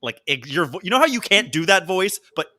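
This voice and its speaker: Bright, upbeat guy with a wide, bouncy pitch, riffing as podcast co-host. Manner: animated, jokey, does quick voices. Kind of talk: casual comedic chat.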